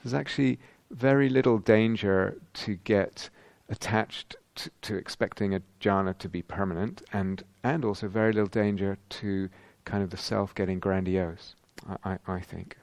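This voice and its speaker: Speaking unhurriedly and reflectively, this British meditation teacher delivers a dharma talk in a retreat meditation hall, often pausing and restarting as he gropes for words. His low voice has a gravelly edge and a steady, gentle tone, recorded dry and close with no room sound.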